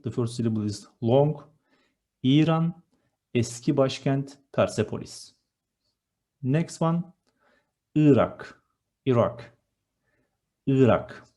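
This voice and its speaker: A man's voice: medium pitch, warm tone. A man teaching vocabulary, patiently repeating each word and explaining how it is pronounced. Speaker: language teacher. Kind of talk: slow vocabulary lesson with picture slides.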